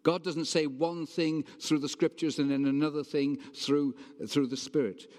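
A man's voice: on the high side, little pitch movement, normal speed, a little mellow. A man preaching a sermon in a conversational, emphatic way, often stopping to ask his listeners questions. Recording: long reverb hall.

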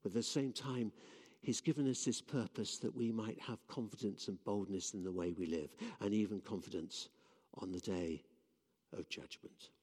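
A man's voice: on the low side, fairly even intonation, moderate pace, a little mellow. Man preaching in a reverberant church. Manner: earnest storytelling with frequent restarts. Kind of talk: sermon. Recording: long reverb of a church hall.

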